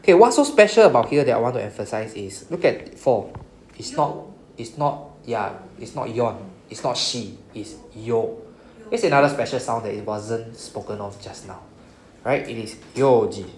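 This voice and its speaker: In a beginner Japanese class, a man with a Singaporean English accent explains patiently, adding "right?" after each point. His medium-pitched voice is expressive, a little mellow and moderately paced, though the audio is poor and reverberant.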